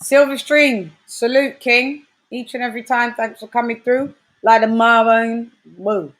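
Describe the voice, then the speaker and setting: A woman's voice: on the high side, unhurried. A British woman, a grime and dancehall artist hosting a casual livestream chat, full of slang and boastful trash talk. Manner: animated, slangy, trash-talking banter. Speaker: host.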